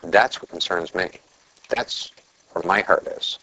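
A man's voice: low voice, a little slow, pushed and bright, husky, no echo, low-quality recording. A middle-aged man preaching a conversational sermon, asking rhetorical questions and telling anecdotes. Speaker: pastor.

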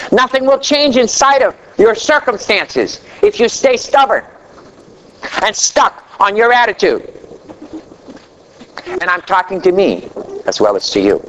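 A man preaching a sermon as pastor, slow and dramatic, letting his voice sink low at the ends of phrases. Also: fairly bright tone, dull audio, slight background noise.

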